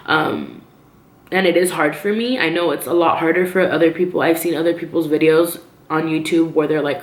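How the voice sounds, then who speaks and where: A woman talking casually and openly to camera in a personal vlog, chatty with frequent ums and likes. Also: low-pitched. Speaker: vlogger. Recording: echoey room.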